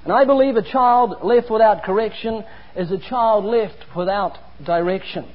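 A man preaching a sermon, earnest and emphatic, mixing scripture with personal stories. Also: high-pitched. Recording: dull lo-fi recording.

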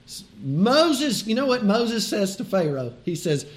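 High-voiced preacher. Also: male voice, very animated, unhurried. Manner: conversational, emphatic, laughs between points. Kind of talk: sermon.

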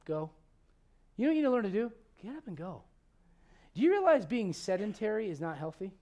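A man's voice: high-pitched, big pitch swings, fairly quick, a little mellow. A man in his forties preaching a sermon, acting out Bible characters with humor. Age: 40s. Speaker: pastor.

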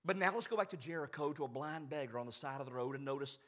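A man preaching a sermon, swinging from loud, emphatic peaks down to hushed, slow lines, with repeated rhetorical phrases. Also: mid-range voice. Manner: repetitive, rhetorical phrasing with "I mean".

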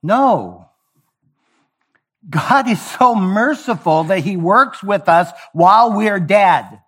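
A man's voice: sits high, expressive, slow, a bit bright. A man preaching a sermon, emphatic, repeating key phrases and acting out little dialogues.

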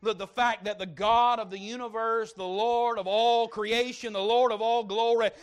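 A man preaching a sermon, moving between loud fervent stretches and soft hushed asides. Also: very high-pitched, steady tone, moderate pace. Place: church service.

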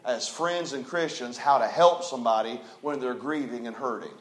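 A pastor preaching a sermon, building to loud emphatic phrases that he draws out slowly. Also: mid-range voice, echoey room. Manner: preaching with rising intensity, drawn-out emphatic phrases.

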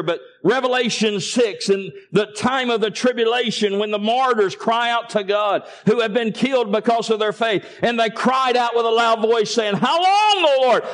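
A man preaching a sermon and calling for responses from his congregation. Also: high-pitched. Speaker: pastor.

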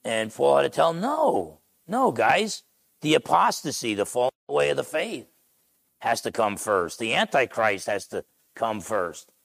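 A man's voice: mid-range voice, expressive, normal speed, creaky, fairly bright tone, dry recording. A middle-aged man with a New Jersey accent, preaching a sermon and telling a story, acting out the people he quotes. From Essex County, New Jersey. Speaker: pastor.

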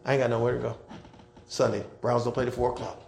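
A man preaching a sermon as pastor, swinging between shouted scripture and quiet, quick asides, repeating key lines for his congregation. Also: mid-range voice, flat delivery, creaky, a little hiss or hum. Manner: repetitive, call-and-response preaching. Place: church with congregation.

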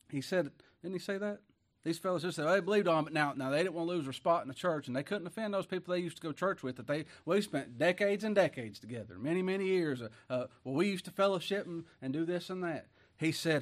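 Preacher guy, folksy, goes loud then real quiet. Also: fairly high pitch, animated, brisk. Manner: folksy, swings between loud exclamations and quiet murmurs. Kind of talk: sermon.

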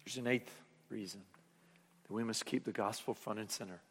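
A man preaching a sermon, rising to loud emphatic lines and then dropping to hushed, low endings. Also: steady tone, normal speed, slightly rough. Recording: long hall reverb.

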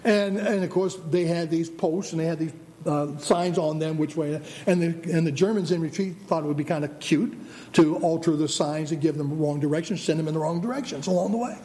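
A man preaching a sermon as pastor, animated, acting out the voices of God and believers. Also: a little high, fairly quick.

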